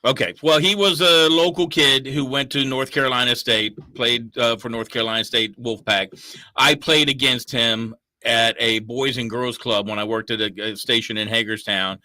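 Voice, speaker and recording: A man's voice: mid-range voice, fairly even intonation, moderate pace, bright, forceful tone, no echo. A man who works as a radio DJ, joking with the hosts and telling a sports story. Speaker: radio DJ guest. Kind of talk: casual chat.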